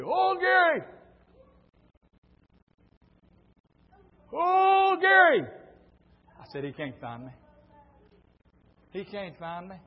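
This is a middle-aged man's sermon, heard through dull lo-fi church audio, moving from storytelling into shouted preaching. His voice sits high and sounds creaky and slightly rough.

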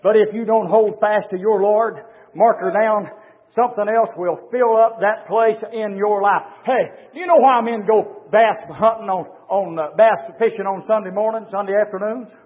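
A middle-aged man preaching a fervent sermon as pastor, hollering with sudden loud rises. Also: high voice, moderate pace, in a large hall. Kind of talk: fiery sermon. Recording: tinny, phone-like lo-fi recording.

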